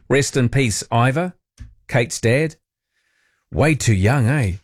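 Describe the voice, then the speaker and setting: A man's voice: mid-range voice, takes it slowly, long pauses, no room sound, clean studio sound. A man hosting talkback radio, playful and chatty. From New Zealand. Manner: playful, animated, jokey asides. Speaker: radio show host. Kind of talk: casual talkback radio chat.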